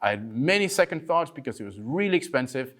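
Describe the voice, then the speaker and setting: Animated man telling stories at a workshop. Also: mid-range voice, quick pace. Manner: animated, acts out other people's voices, swears casually. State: tired from lack of sleep. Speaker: workshop speaker. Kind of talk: storytelling workshop talk.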